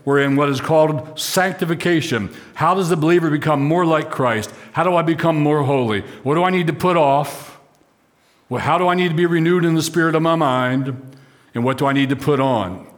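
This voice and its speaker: A pastor with a fairly high, brisk voice preaches a sermon, walking through a scripture passage and putting questions to the congregation. The long reverb of a large hall surrounds his words.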